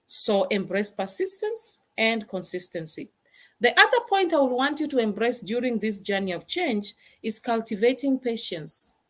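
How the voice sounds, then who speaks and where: A woman's voice: a little high, very animated, moderate pace, a bit bright. A woman hosting a motivational talk, stressing points by repeating words. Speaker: host.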